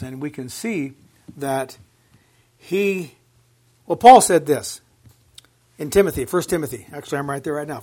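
A man's voice: a little high, a little mellow. A man preaching in a church, reading scripture aloud and stressing points with repeated words and questions to the congregation. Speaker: pastor. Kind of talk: sermon.

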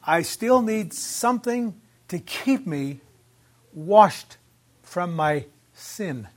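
High-voiced man preaching a sermon. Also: lively intonation, extremely slow. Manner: emphatic, repeats words, asks the congregation questions. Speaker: pastor.

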